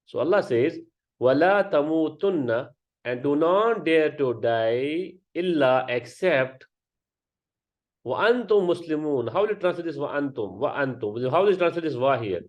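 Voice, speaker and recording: A man's voice: fairly high pitch, animated, normal speed, darkish tone. A man teaching a grammar class, explaining step by step and often checking with students. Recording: dull lo-fi sound.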